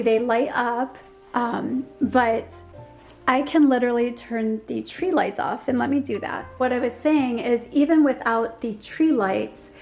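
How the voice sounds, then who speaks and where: A woman's voice: on the high side, a little mellow. Gushing woman giving a home tour. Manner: gushing, enthusiastic, frequent ums and likes. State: slightly losing her voice. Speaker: home decor vlogger. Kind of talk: casual home tour narration.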